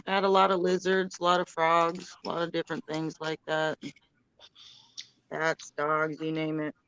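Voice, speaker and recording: A woman's voice: deep voice, monotone, moderate pace, fairly bright tone, smooth, muffled recording. A woman in her late thirties, a guest in a casual chat, talking in a rambling, giggly way. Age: 30s.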